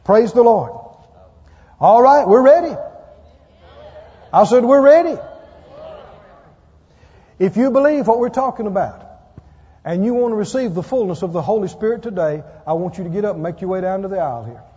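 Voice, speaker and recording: A man preaches and leads an altar call in a church sanctuary, speaking quickly in a high, expressive voice that is mellow and husky. His delivery is emphatic, pleading, and repetitive in cadence, captured in a dull, echoey church recording.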